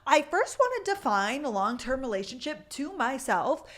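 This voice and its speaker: A woman in her twenties hosting a casual solo podcast, talking fast and loose with lots of "like" and the odd swear word. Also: high voice, sing-song. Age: 20s. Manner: chatty, fillers of "like", casual swearing. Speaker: podcast host.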